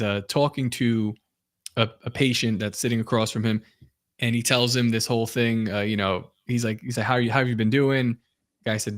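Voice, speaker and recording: A man hosting a podcast, relaxed, telling a story with lots of fillers. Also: medium pitch. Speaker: podcast host.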